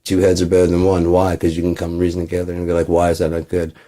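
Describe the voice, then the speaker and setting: Low mellow-voiced man rambling. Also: completely flat delivery, fast talker. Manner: rambling, profane, acts out both sides of imagined talks. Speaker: channel host. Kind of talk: casual rambling monologue.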